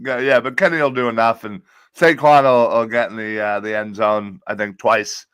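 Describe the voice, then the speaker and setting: A man with a groggy voice co-hosting a casual sports podcast, talking bluntly with profane, animated rants. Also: on the low side, moderate pace, smooth. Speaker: podcast co-host.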